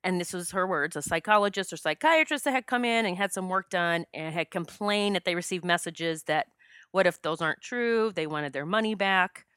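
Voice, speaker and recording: A woman's voice: fairly low pitch, moderate pace, a bit bright, clean tone, no room sound, clean studio sound. Emotional woman telling a spiritual story. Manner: emotional, gets choked up. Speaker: podcast host. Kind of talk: personal storytelling.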